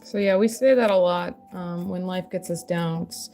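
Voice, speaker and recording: A woman's voice: fairly low pitch, steady tone, moderate pace, mellow. A woman chatting casually while sculpting, rambling and laughing often, joking at her own expense. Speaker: crafter and mother.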